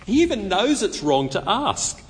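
A man preaching a sermon, telling the story lively and acting out the quotes. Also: high-pitched, measured pace, long reverb tail, slight background noise.

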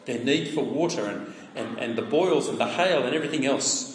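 A man's voice: medium pitch, fairly quick, a little hiss or hum. A man preaching a sermon in a conversational way, asking his listeners rhetorical questions. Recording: echoey hall with long reverb.

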